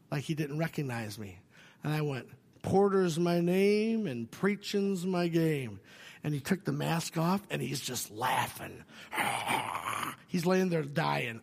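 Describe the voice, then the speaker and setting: A man, a pastor preaching a sermon, telling stories with swings from loud and animated to quiet and hushed. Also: on the high side, gravelly, slightly rough. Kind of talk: sermon with storytelling. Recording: long hall reverb.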